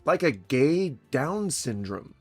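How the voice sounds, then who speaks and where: A man's voice: fairly high pitch, sing-song, takes it slowly, breathy edge, no echo, faint music behind. A man giving casual reaction commentary in a sarcastic, rambling, mocking manner.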